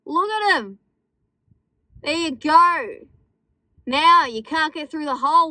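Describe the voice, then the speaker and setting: This young Australian farmer has a high-pitched, lively voice and a sharp tone, speaking slowly with long pauses. She narrates casually outside on her farm, wry and talkative, occasionally exasperated as she hollers at the sheep. The audio is poor and has no room sound.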